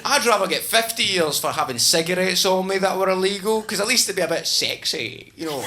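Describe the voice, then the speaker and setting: A man telling a self-mocking story in a stand-up set, animated and chatty. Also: sits high, fairly quick. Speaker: stand-up comedian. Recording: hissy live stage recording.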